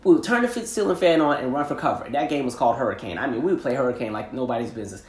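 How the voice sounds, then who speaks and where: A man hosting a podcast, telling casual stories in a slangy, animated way and laughing often. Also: mid-range voice, very fast, roomy sound. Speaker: podcast host. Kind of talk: casual storytelling monologue.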